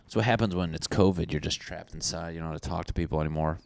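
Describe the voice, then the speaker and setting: A young man hosting a solo comedy podcast, swearing and riffing, acting out angry neighbors in loud mock voices. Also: sits low, racing, vocal fry, no room sound. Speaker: podcast host.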